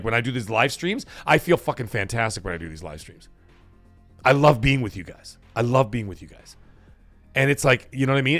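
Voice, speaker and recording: A middle-aged man hosting a gaming live stream, talking casually in a profane, animated rant. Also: a little high, no echo. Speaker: gaming channel host.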